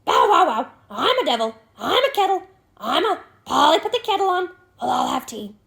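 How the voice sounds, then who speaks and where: A woman voicing a mischievous talking pet raven with loud squawking cries, in a storybook reading. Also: sits high, very animated, moderate pace, vocal fry, voice pushed up, heavily acted. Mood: excited squawking.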